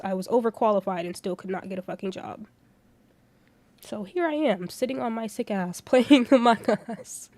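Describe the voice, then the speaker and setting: This livestreamer is a young woman from Florida, in her 20s, whose warm, medium-pitched voice carries profane, ranting stories. Casual and blunt, she vents while cursing nonstop.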